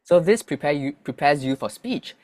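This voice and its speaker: A man's voice: on the high side, animated, moderate pace, a little mellow. A man working as a voice coach from Singapore, patiently explaining vocal exercises in an interview, restarting his phrases often.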